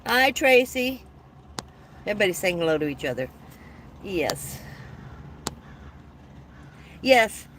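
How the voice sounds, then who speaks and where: Speaking slowly with long pauses and big swings in her mid-range pitch, a woman in her 70s chats on a casual live stream from her van. She reads viewers' comments aloud, thanks them warmly and laughs often. Audio quality is poor, with slight background noise.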